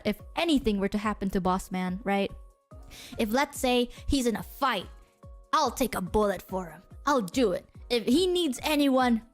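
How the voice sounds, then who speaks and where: A young woman streamer telling a story to her chat in a casual, excitable way, swearing freely. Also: a little high. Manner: excitable, animated, swears a lot.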